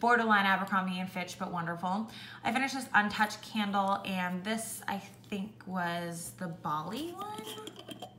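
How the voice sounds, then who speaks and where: Chatty young woman, bright echoey voice. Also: medium pitch, unhurried, a little hiss or hum. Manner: chatty, heavy use of "like", animated when ranting. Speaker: beauty vlogger. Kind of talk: casual product review chat. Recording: echoey room.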